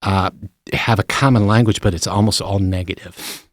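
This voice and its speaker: A man's voice: fairly low pitch, normal speed, dry recording, studio quality. A middle-aged man hosting a podcast, talking casually and telling stories with emphasis. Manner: animated, emphatic storyteller. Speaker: podcast host. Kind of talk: casual chat.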